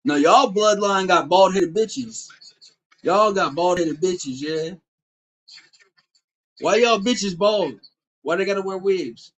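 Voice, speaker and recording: A man's voice: high voice, slow, pauses often, fairly bright tone, low-quality recording. A man live-streaming, taunting someone with crude trash talk and insults. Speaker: livestreamer.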